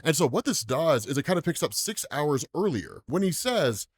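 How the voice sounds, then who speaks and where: A man's voice: a little high, very animated, moderate pace, breathy edge. An American man hosting a comics commentary channel, chatting casually and tacking "right?" onto his sentences. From United States. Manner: chatty, says "right?" constantly, laughs often. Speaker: comics explainer channel host.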